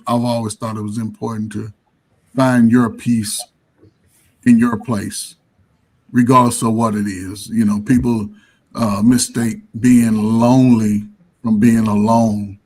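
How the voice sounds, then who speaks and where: A man's voice: fairly low pitch, darkish tone, rough recording. A man hosting a panel discussion, talking in a loose, rambling way with frequent restarts. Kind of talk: casual chat.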